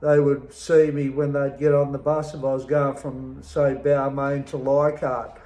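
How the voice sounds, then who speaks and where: A middle-aged Australian man recounting his own past in a slow, emphatic, bitter way, pausing often. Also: mid-range voice, little pitch movement, warm tone, roomy sound, low-quality recording. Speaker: interviewee telling his life story. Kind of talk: personal testimony.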